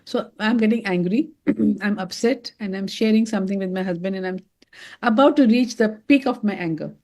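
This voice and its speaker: A woman's voice: medium pitch, normal speed. A middle-aged woman giving a motivational talk, telling stories and calling her listeners friends. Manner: animated storytelling, addresses listeners as friends. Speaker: doctor giving a wellness talk.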